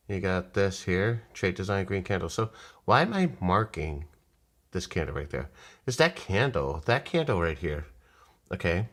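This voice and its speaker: A man casually walking viewers through a trading chart, rambling and swearing, acting out little voices as he goes. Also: low voice. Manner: profane, rambling, animated with put-on voices. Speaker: day trading streamer. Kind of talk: casual live chart walkthrough.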